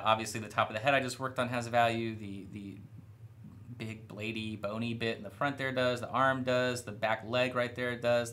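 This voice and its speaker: There's a faint hiss or hum behind this young man's medium-pitched voice as he paints miniatures live in a studio room. He chats casually, drifting off topic now and then in a laid-back, self-deprecating way.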